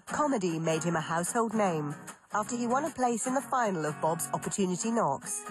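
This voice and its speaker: A woman giving scripted documentary narration with a measured, even delivery. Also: medium pitch. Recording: narration over music.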